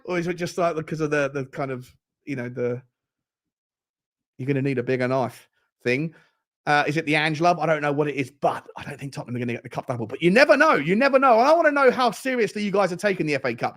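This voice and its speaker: A man hosting a live football fan watchalong, chatting casually, reading out viewer comments and putting questions to his audience. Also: medium pitch. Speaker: football fan channel host.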